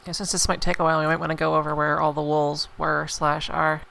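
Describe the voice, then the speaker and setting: Low gravelly woman co-commentator. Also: level tone, fairly bright tone. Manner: measured, explanatory, many ums and uhs. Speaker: match co-commentator. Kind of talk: live esports commentary. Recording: faint background noise.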